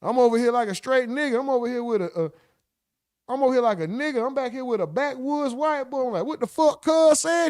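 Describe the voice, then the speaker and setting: High, excitable man reacting live. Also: fast talker, clean tone, no echo, studio quality. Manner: loud, excitable, profane.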